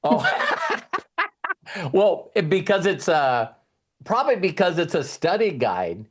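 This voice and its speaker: A man coaching a client on faith, talking in a lively, repetitive way and laughing often. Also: on the high side, takes it slowly, noisy background. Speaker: life coach. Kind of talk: spiritual coaching call.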